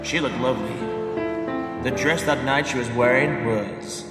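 A man's voice: mid-range voice, measured pace. A man performing a comic act, narrating a story like a storybook teller. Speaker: comedian performer. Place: large theatre stage. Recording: echoey stage hall, loud music and crowd.

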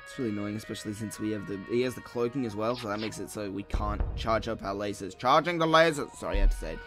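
A young gamer's voice, on the low side and steady in tone, moves at a quick pace over faint background music. In casual let's play commentary he swears a lot, mutters to himself, erupts in frustration and yawns occasionally from sleepiness.

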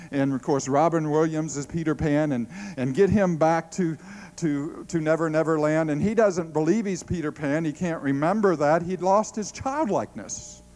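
A middle-aged man preaching a sermon, telling stories with animated delivery, laughing and stammering through restarts. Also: a little high, moderate pace, hardly any pauses, rough recording.

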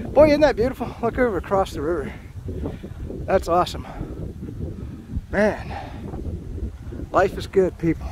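Middle-aged guy vlogging outside, bit out of breath, higher voice, faint outdoor hiss. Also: gravelly. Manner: chatty, excitable, reads signs aloud then comments. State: slightly out of breath. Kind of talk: casual hiking vlog with sign reading. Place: outdoors at a park mound.

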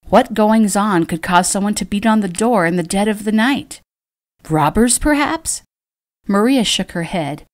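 A woman, the author, narrating her own novel in a measured, expressive audiobook reading. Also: lowish voice.

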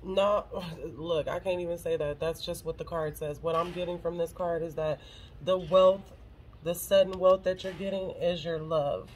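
A woman's voice: lowish voice, fairly even intonation, normal speed, darkish tone, a little hiss or hum, low-quality recording. A woman doing a casual tarot reading to camera, blunt and profane and close to tears. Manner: blunt and profane, emotional, swears freely. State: on the verge of tears. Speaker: tarot reader.

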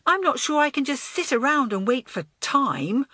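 A woman's voice: mid-range voice, very animated, normal speed, a bit bright, dry recording, clean studio sound, voice pushed up. A woman voicing a bold, hot-tempered schoolgirl who speaks in an outspoken, indignant way.

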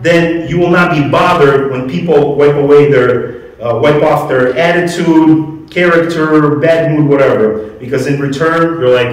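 Brief: male pastor, slightly high voice, chatty sermon, recorded from a distance in a very echoey hall. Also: a little slow. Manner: conversational preaching, asks the congregation questions. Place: church hall. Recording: echoey room, mic at a distance.

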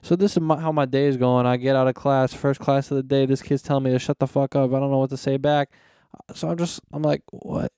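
A man's voice: medium pitch, flat delivery, fast talker, warm tone, clear, resonant tone, no room sound, studio quality. A teenage man hosting a casual solo podcast, rambling and mocking in slangy talk with frequent cursing. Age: teens. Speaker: podcast host. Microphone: close podcast microphone.

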